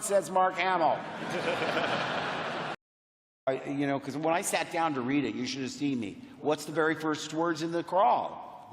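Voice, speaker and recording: Lively man telling stories in a big hall. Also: on the high side, moderate pace. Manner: animated, acts out quotes in different voices. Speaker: panel guest. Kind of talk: anecdotal storytelling to a crowd. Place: large convention hall. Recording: echoey convention hall, faint hum.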